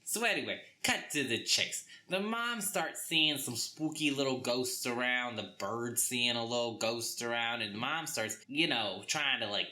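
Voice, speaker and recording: A young man with a Southern US accent ranting through a comic book review, exasperated and acting out characters in quick voices. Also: mid-range voice, pushed and bright.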